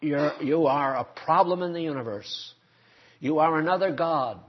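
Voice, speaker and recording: Husky older preacher, lo-fi sermon. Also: male voice, fairly high pitch, moderate pace. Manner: emphatic, rhetorical questions to the congregation. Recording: dull lo-fi sermon recording.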